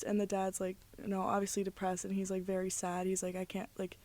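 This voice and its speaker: A woman's voice: medium pitch, completely flat delivery, brisk, few pauses, a little mellow, no room sound. A young woman talks through a film she loved, rambling and leaning heavily on filler words. Her voice sits mid-range, recorded close and dry with no room sound. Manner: rambling, emotional, many "like" fillers. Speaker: podcast co-host. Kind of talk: casual movie chat.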